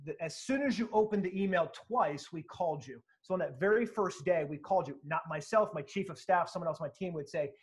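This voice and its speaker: Man, high voice, energetic, emphatic, interview guest, acts out quotes. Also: a little fast, hardly any pauses. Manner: animated, emphatic, acts out quotes, occasional profanity. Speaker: sales speaker and author, guest.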